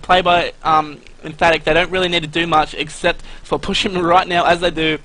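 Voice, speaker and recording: A man calling a live shooter match with quick asides, small jokes and self-corrections. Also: on the high side, bright, forceful tone, a little hiss or hum, poor audio. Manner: chatty, joking, corrects himself. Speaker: esports commentator. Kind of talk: live esports play-by-play commentary.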